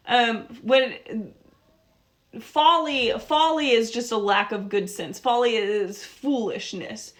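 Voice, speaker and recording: A woman's voice: fairly high pitch, takes it slowly, fairly bright tone. A woman hosting a devotional scripture study. She talks in an earnest, reflective way and repeats words for emphasis.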